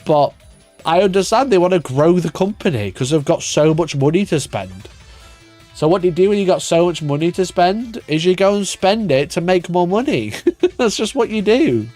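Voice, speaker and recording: A man's voice: sits high, expressive, normal speed, a little mellow, soft background music. A man ranting on a casual livestream, exasperated and sarcastic, swearing often and laughing at himself. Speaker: wargaming YouTuber reacting to a video.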